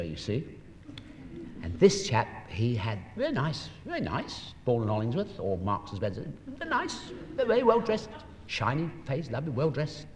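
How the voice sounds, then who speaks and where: A middle-aged male actor on stage shares chatty anecdotes with asides and chuckles and reads a poem to a live audience through a stage microphone. His mid-range voice has a darkish tone, and the hall's echo comes through along with faint noise.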